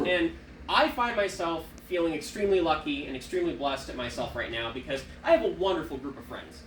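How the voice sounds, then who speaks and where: Lively young man doing stand-up. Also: high-pitched, echoey room, recorded from a distance, a little hiss or hum, low-quality recording. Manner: animated, self-deprecating storytelling. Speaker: stand-up comedian. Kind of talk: stand-up comedy set. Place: small theater stage.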